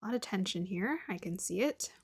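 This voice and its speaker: A woman's voice: mid-range voice, animated, fairly quick, a little hiss or hum. Chatty woman reading tarot aloud. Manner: chatty, musing aloud, laughs often, drops to murmurs. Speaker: tarot reader. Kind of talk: casual tarot reading to viewers.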